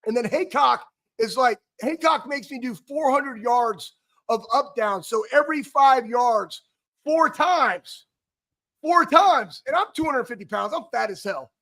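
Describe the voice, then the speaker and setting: A man with a strikingly high voice co-hosts a casual sports talk show. He tells stories animatedly, restarting sentences and laughing as he goes. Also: animated, a little slow, bright, forceful tone. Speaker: co-host, former football player.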